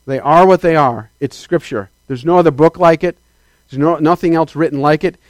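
A man preaching a sermon as a pastor, swinging between loud declarations and quiet asides and calling out to the congregation. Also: fairly high pitch, brisk, no echo. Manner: calls out to the congregation for affirmation.

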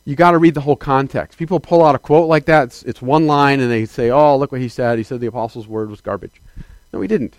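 A man preaching a sermon as a pastor, swinging between loud declarations and quiet asides and calling out to the congregation. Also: medium pitch, fast talker, no room sound. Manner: calls out to the congregation for affirmation.

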